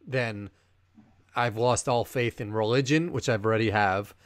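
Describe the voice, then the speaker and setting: A man co-hosting a sports podcast in casual chat, rambling and animated, laughing often. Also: fairly low pitch, a little slow, no room sound. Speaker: podcast co-host.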